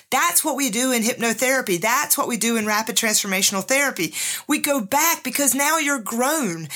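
A woman's voice: fairly high pitch, sharp tone. A middle-aged woman hosting a podcast, telling a personal story in a candid, emotional way and speaking directly to her listeners. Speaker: podcast host.

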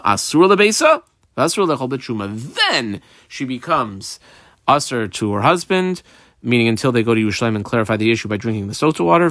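A man's voice: mid-range voice, fairly bright tone, no room sound. Man, Talmud class teacher, reads and translates line by line, many fillers, dry close sound.

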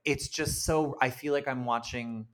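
On a casual film podcast, a male co-host with a mid-range voice chats in an animated way, laughing easily and acting out quotes.

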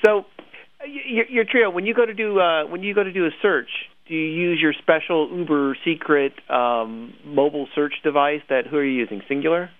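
A man co-hosting a casual news chat, talking in an animated, opinionated way and laughing often. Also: a little high, a little fast, no echo. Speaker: podcast co-host. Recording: tinny phone-line audio.

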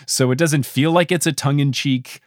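A man in his late twenties hosting a casual podcast, joking and animated. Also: moderate pace, no room sound, studio quality. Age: 20s. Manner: animated, jokey, swings pitch up and down. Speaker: podcast host.

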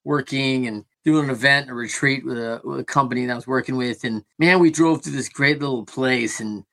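A man's voice: medium pitch, a little fast, gravelly, fairly bright tone. A man hosting a podcast interview, chatting casually and enthusiastically, often tagging "man" and "right?". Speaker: podcast host.

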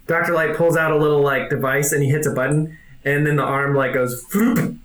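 A man's voice: a little high, steady tone, a little slow, fairly bright tone. A man narrating a tabletop game as game master, loose and rambling with lots of fillers and jokes. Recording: echoey room.

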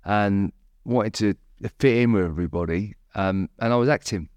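A man's voice: on the low side, normal speed, a little mellow, clean tone, dry recording, lo-fi sound. A man, a fighter guest on a podcast, talking in a rambling, jokey, self-deprecating way. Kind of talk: casual chat.

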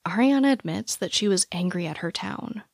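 A woman hosting a podcast with scripted true-crime narration, soft and measured, often near a whisper. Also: mid-range voice, animated, vocal fry, dry recording, studio quality. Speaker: podcast host.

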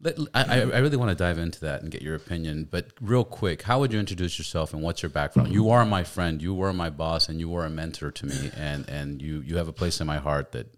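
Man, podcast host, very low voice, casual chat, animated and profane. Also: fast, hardly any pauses. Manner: animated storyteller, swears freely.

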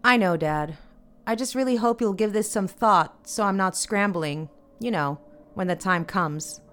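A woman's voice: medium pitch, unhurried, faint music behind, close to an everyday voice. A woman voicing a sweet, cheerful adult daughter with a chirpy, lifted voice. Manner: chirpy, bright.

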